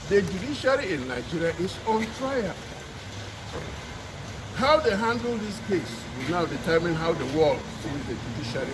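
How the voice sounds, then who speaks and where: A man giving an emphatic, declamatory statement to reporters outdoors. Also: fairly high pitch. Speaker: spokesman giving a statement to the press. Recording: outdoor news clip with traffic noise.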